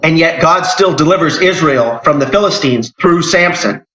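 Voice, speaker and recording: A man teaches a Bible lesson as an informal sermon, talking in a conversational way with emphatic rises and restarts. His voice is bright, forceful and fairly high. The recording is dull and lo-fi, set in an echoey church hall. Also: expressive, moderate pace.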